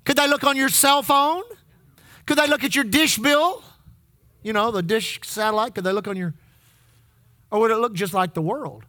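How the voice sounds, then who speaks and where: A man's voice: extremely high pitch, normal speed, pauses often, pushed and bright, no echo, studio quality. A male pastor from Texas preaching a sermon, calling for amens from the congregation and repeating lines for emphasis.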